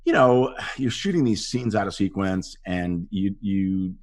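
A middle-aged man, an actor guest in a casual interview, telling animated stories and acting out quotes from a film set. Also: sits low, unhurried. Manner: animated anecdotes with acted-out quotes.

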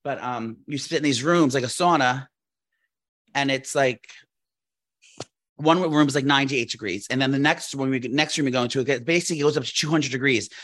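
Speaking briskly at a medium pitch, a thirtysomething man co-hosting a podcast tells long, meandering stories. His animated, casual chat is full of filler words.

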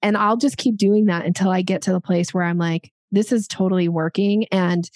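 A woman's voice: fairly low pitch, steady tone, fairly quick, no echo, studio quality. A woman sales coach giving emphatic conversational advice on an interview, acting out examples of tone.

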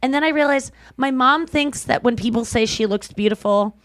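A woman's voice: high voice, normal speed, fairly bright tone, dry recording. Chatty woman podcast co-host, dry sound. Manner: chatty storyteller who acts out quoted people. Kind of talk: casual chat.

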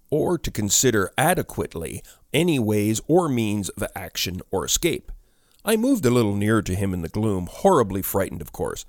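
A man narrating a classic ghost story audiobook in a measured, expressive way. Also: fairly low pitch, no echo, clean studio sound.

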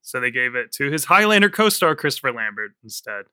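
A man's voice: medium pitch, big pitch swings, brisk, pushed and bright, clear, resonant tone, no echo, studio quality. A man co-hosting a film podcast, telling behind-the-scenes trivia in casual, swearing chat. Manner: swearing, laughs often, tells production trivia. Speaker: podcast co-host.

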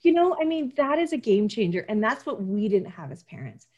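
A woman's voice: mid-range voice, very animated, fairly quick, darkish tone, dull audio. A woman speaking as a parenting guest in a casual interview, earnest and emphatic, often restarting her sentences.

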